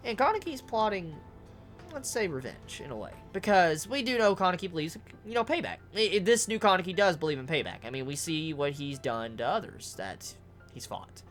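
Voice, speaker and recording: A manga reviewer giving casual video commentary, ranting excitably with lots of swearing and stuttered repeats. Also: mid-range voice, a little fast, soft background music.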